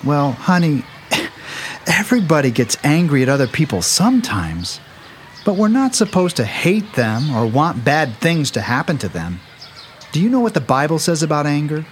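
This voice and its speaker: A man playing a gentle, patient father who calmly explains and reassures, in a family audio drama. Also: on the high side, moderate pace, slight background noise.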